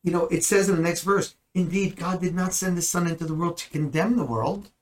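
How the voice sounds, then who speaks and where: A man's voice: sits high, brisk, rough recording. A man teaching the Bible in a conversational way, earnest and at times emphatic. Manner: earnest, rising to emphatic bursts.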